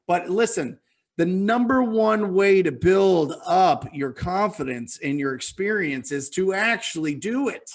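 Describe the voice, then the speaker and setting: High-voiced energetic male real estate coach. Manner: energetic, motivational, repeats phrases for emphasis. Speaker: real estate wholesaling mentor, webinar guest. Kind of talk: webinar Q&A coaching.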